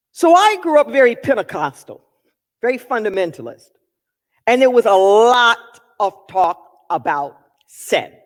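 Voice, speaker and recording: High-voiced woman preaching in a hall. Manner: emphatic, repeats key phrases. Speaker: minister. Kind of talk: sermon.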